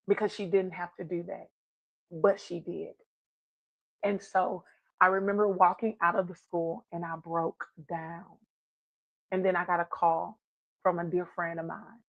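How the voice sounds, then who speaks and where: A woman's voice: fairly low pitch, fairly even intonation, measured pace, pauses often, dry recording, muffled recording. A woman giving a heartfelt personal testimony, earnest and encouraging as she tells a story. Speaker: guest speaker.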